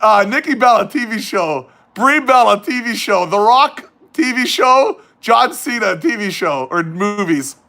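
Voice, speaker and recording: A man hosts a casual livestream, chatting and teasing as he reads out viewer questions. His voice sits high and sounds bright and ringing. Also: animated, a little slow, hardly any pauses. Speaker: livestream host.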